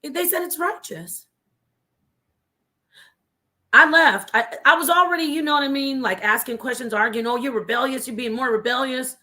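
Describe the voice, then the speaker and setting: A woman's voice: high-pitched, fast, hardly any pauses, sharp tone. A woman guest telling her story on a talk show, passionate and preachy, sometimes dropping to a whisper for emphasis. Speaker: guest, former member of a religious group.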